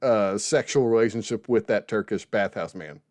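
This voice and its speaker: A man's voice: fairly low pitch, moderate pace, darkish tone, no echo. A man co-hosting a casual film review podcast, rambling and correcting himself as he talks. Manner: rambling, self-correcting, laughs often. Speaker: podcast co-host film critic.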